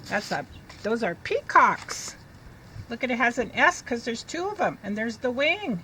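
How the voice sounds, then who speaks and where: Woman, reading teacher, picture-book lesson for kids, slightly high, crisp and bright, sounds out letters. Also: very animated, a little hiss or hum, poor audio. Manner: slow, sing-song, sounding out letters. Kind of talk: read-aloud lesson for young children.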